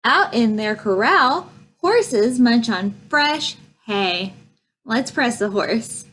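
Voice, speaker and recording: A woman librarian reading picture books aloud at a preschool storytime, slow and sing-song, breaking into animal noises. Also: fairly high pitch, expressive, a bit bright, faint music behind. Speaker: children's librarian.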